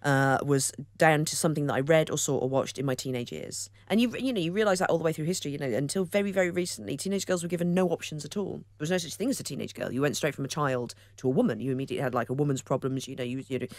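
A woman from Wolverhampton tells stories at a rapid clip, quick and self-mocking. She sits at a studio microphone in a dry, close radio booth, with no room sound around her. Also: sits low, no room sound. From Wolverhampton, England. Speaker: guest. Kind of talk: casual radio interview chat.

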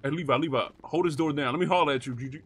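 A man's voice: on the high side, very fast, a little hiss or hum. A man role-playing a prison gang boss in game voice chat, talking brash street slang and barking orders.

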